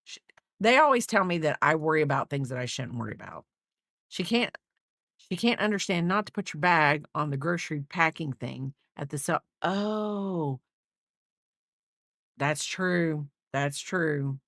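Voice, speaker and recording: A middle-aged woman hosting a casual crochet livestream, chatty and teasing, with frequent laughter. Her voice is fairly low but swings widely in pitch. The sound is dry and close. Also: lively intonation, measured pace, fairly bright tone, no room sound. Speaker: livestream host. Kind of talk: casual chat while crocheting on stream.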